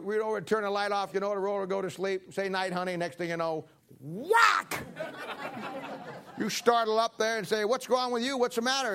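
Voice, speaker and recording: A man preaching a sermon in a folksy, joking way, acting out little everyday scenes. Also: sits high. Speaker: pastor.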